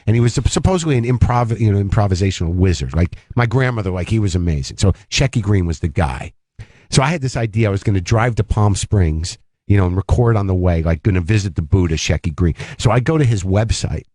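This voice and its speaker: A comedian and podcast host, appearing as a guest on a talk radio show, tells a rambling, animated story and often cuts himself off mid-sentence. His voice is on the low side and fast, on a dry recording.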